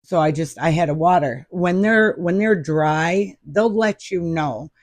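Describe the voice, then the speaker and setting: A woman's voice: fairly low pitch, unhurried, no echo. A woman in her fifties, a podcast guest, telling stories in a chatty, anecdotal way. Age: 50s. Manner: warm, chatty anecdotal storyteller. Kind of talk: casual storytelling chat.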